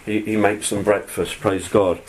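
A man's voice: on the low side, level tone, a little slow, noisy background. A man preaching a sermon, reading scripture aloud and then explaining it in an earnest, conversational way. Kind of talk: sermon, Bible teaching.

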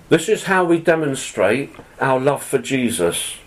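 A man's voice: medium pitch, sing-song, normal speed, hardly any pauses, low-quality recording. A man preaching a sermon, reading scripture aloud and then explaining it in an earnest, conversational way. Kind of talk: sermon, Bible teaching.

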